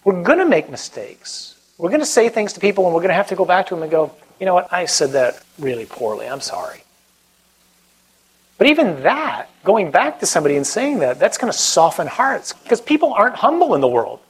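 A man speaking as a priest, giving an animated talk and then leading a prayer, acting out quoted voices as he goes. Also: sits high, fast, few pauses, breathy edge, low-quality recording.

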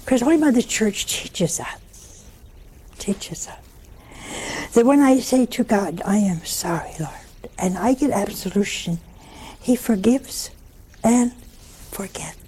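A woman giving a storytelling sermon, folksy and humorous, slow and emphatic. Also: on the high side, mellow, slight background noise. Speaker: religious preacher.

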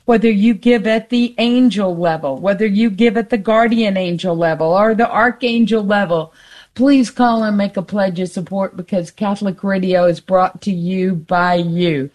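A woman co-hosting a radio fundraiser, making her appeal and reading the phone number slowly and clearly. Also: medium pitch, a little mellow. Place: radio studio.

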